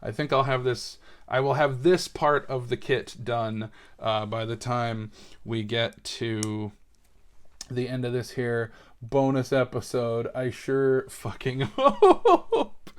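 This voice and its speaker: A man's voice: mid-range voice, fairly even intonation, takes it slowly, clean tone. A young man from New England hosting a casual solo episode, chatting and rambling with lots of fillers while he builds a Lego set. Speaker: podcast host.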